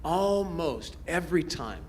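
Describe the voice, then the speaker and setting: A man's voice: on the high side, a little slow, a little hiss or hum. Chatty pastor man telling stories. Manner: relaxed, storytelling, chuckles often. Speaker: pastor answering questions. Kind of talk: casual Q&A talk to a youth group. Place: church event hall with a live audience.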